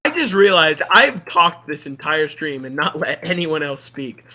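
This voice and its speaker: A streamer telling a movie plot as a comedic rant, animated and giggly, with frequent swearing. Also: mid-range voice, a little slow.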